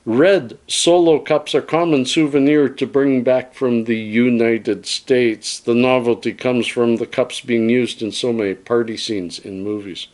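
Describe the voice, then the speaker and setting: A man talks unhurriedly to his camera in a casual opinion monologue. His pitch sits in a middle range, and he comes across as folksy and musing, calling his viewers his friends. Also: fairly even intonation, unhurried, hardly any pauses, a little mellow. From Canada. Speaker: vlogger.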